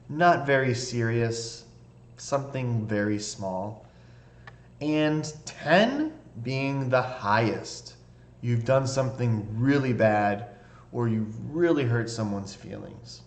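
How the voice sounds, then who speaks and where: A man teaching an English lesson, explaining patiently and often checking in with the learners by asking "okay?". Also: mid-range voice. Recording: echoey room.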